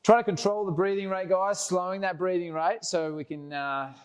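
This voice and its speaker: A man's voice: sits high, steady tone, moderate pace, clear, resonant tone. A young man coaching a fitness class, counting down reps and encouraging his co-coach with friendly banter.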